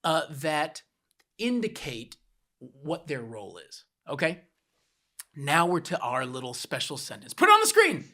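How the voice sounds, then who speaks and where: Guy on a podcast walking through it slow and patient, uses easy examples, kinda teacher-y. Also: on the high side, huge pitch swings, pushed and bright. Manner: patient, explains with plain everyday examples. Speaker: podcast co-host.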